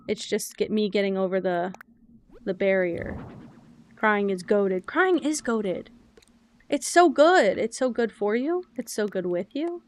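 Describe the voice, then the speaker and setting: A young adult woman streamer chatting casually and openly while she plays a game. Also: mid-range voice. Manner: chatty, animated, self-described loud and yappy. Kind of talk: casual chat while gaming.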